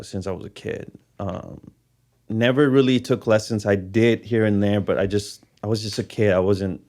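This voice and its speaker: Low-voiced young podcast co-host. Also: male voice. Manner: relaxed, reads listener questions, hesitant fillers. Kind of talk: casual podcast chat.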